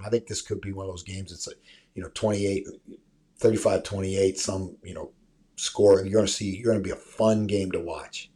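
A man's voice: on the low side, warm tone. A man hosting a sports show over a remote call, talking casually and emphatically, often tagging "right?" onto his points. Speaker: show host. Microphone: remote call mic.

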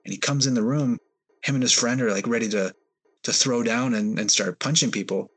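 A man's voice: medium pitch, a little fast, a bit bright, breathy edge. A man, a guest on a podcast, tells a personal story in a hesitant, rambling way with many fillers. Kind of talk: storytelling in an interview.

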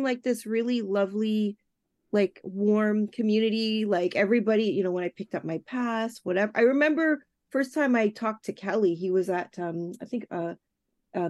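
Woman guest, lively storyteller who acts out quotes, close dry sound. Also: mid-range voice, no echo. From Canada. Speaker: festival programmer guest. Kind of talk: casual podcast chat.

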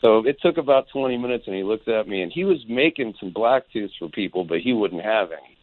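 A man's voice: fairly low pitch, animated, a little fast, no echo. A man telling a long rambling anecdote as a guest, acting out the quotes as he goes. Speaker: guest musician. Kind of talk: phone-in storytelling. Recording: tinny phone line.

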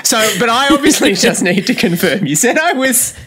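A man co-hosting a podcast, chatting in a self-deprecating, laughing, lively way. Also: very high voice, normal speed, husky. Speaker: podcast co-host. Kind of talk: casual podcast chat.

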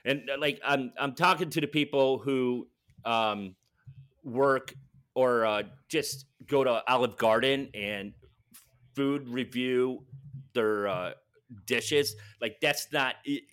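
A man's voice: medium pitch, slow pace, clear, resonant tone. Rambling man on a podcast. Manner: rambling, many fillers, loud at times. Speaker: podcast co-host. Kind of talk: casual chat.

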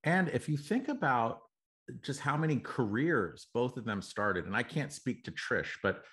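A man's voice: medium pitch, very animated, unhurried, fairly bright tone. A man hosting a casual interview, talking in a reflective, earnest way and adding supportive comments.

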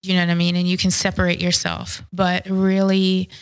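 A woman in an interview, speaking candidly and reflectively about her past, often pausing and restarting her sentences. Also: fairly low pitch, completely flat delivery, clear, resonant tone, poor audio. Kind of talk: personal testimony interview.

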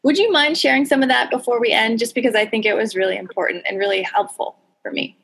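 A woman's voice: on the high side, fast, gravelly, fairly bright tone, a little hiss or hum. A woman hosting a casual interview, talking in an encouraging, effusive way. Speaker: host.

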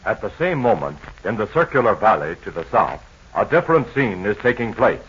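A male narrator delivering scripted radio serial narration in a smooth, measured way. His voice is low and breathy, with a lively rise and fall. The dull old transcription sounds muffled.

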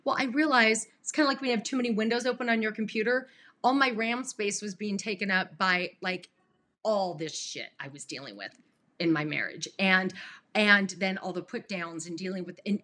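A woman's voice: mid-range voice, expressive, normal speed, a bit bright. A woman guest on a podcast who coaches abuse survivors, talking earnestly and rambling with restarts. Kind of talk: emotional interview talk.

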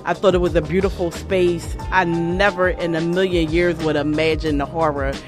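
A woman's voice: lowish voice, flat delivery, moderate pace, over music. A middle-aged woman, a barbershop owner speaking bluntly and from the heart in a news interview.

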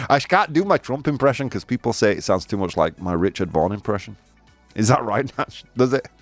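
A man's voice: fairly low pitch, expressive, brisk, no room sound, faint music behind. A man hosting a casual news chat show, chatty and jokey, laughing often and making asides. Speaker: host.

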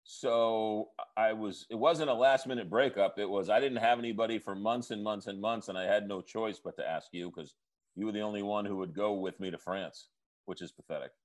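A man co-hosting a podcast in casual, earnest chat. His voice sits somewhat low, and he pokes fun at himself as he talks. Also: fairly even intonation, fairly quick. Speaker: podcast co-host.

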